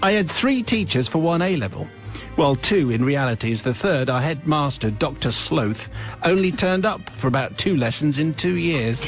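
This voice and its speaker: A radio host reading a listener's confession letter aloud with wry, theatrical storytelling, in a studio. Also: male voice, a little high, animated, normal speed, faint music behind. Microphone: studio microphone.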